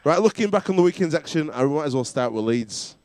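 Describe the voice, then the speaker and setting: A man's voice: a little high, animated, fast talker, darkish tone. A man hosting a casual rugby chat show, bantering and laughing often. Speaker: talk show host.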